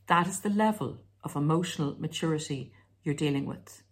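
A woman's voice: low voice, fairly quick, husky. A woman host talking through relationship advice in a casual monologue, sarcastic at times. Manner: sarcastic, acts out mocking quoted voices. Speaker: self-help video host.

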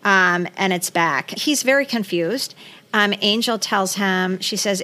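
Woman podcast co-host, mid-pitched, chatty and animated while recapping scenes. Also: a little slow. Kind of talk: casual film discussion.

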